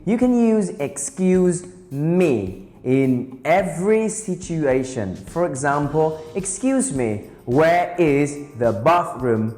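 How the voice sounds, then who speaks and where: A man teaching beginner English, speaking slowly and carefully and repeating each phrase for drilling. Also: fairly high pitch. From Vietnam. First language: Vietnamese. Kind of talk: beginner language lesson. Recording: roomy reverberant sound with soft guitar music.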